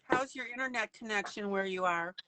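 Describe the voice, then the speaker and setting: A woman's voice: medium pitch, a little fast, sharp tone, no echo. A woman hosting a live coloring broadcast, narrating each step of her coloring as she goes.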